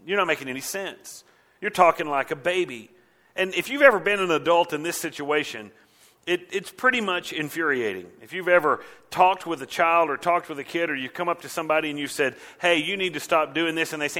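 A man preaching a sermon as a pastor, animated, sometimes mimicking mocking voices. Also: fairly high pitch, fairly quick.

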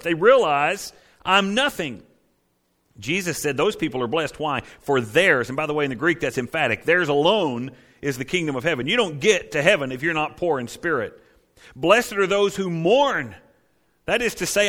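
A man preaching a sermon as pastor, conversational and emphatic, often checking in with his listeners and swinging between loud declarations and hushed asides. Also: fairly high pitch.

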